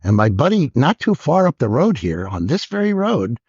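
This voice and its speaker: A man in his sixties, a comedian, telling lively stories on a podcast and acting out the lines of other people. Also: mid-range voice, moderate pace, slightly rough, dry recording. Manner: animated storyteller who acts out other people's lines. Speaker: guest comedian. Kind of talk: storytelling interview. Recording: dull lo-fi podcast audio.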